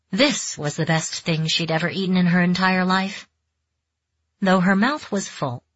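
A woman reading a novel aloud in calm, even scripted narration. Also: low voice, breathy edge, no echo. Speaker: audiobook narrator. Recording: dull dry audiobook recording.

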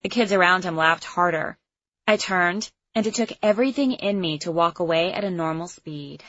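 Female audiobook narrator, wry and expressive; dry, dull lo-fi recording. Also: fairly low pitch, normal speed, no room sound. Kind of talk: first-person audiobook narration. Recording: slightly muffled lo-fi recording.

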